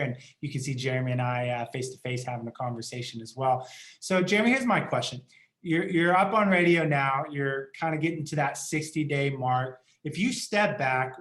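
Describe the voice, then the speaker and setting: A man's voice: medium pitch, a bit bright. A man hosting a real estate podcast, interviewing a guest in an enthusiastic, promotional way. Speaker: podcast host. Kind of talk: casual interview chat.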